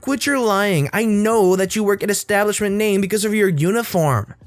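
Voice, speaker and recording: A woman's voice: mid-range voice, normal speed, dry recording, soft background music, pitched above the performer's own voice, natural voice. A man voicing an entitled, rude woman customer who talks in a snarky, demanding way.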